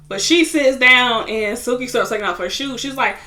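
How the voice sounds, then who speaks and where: A young woman in a casual vlog, retelling a reality show episode with lively, slangy asides. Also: on the high side, normal speed, hardly any pauses. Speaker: TV show reviewer.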